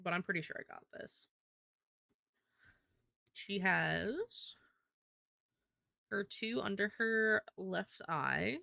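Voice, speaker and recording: A woman's voice: medium pitch, slow, vocal fry, long pauses, sharp tone, no echo, clean studio sound. A woman streamer chatting casually and thinking aloud while she draws. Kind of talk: casual live-stream chat while drawing.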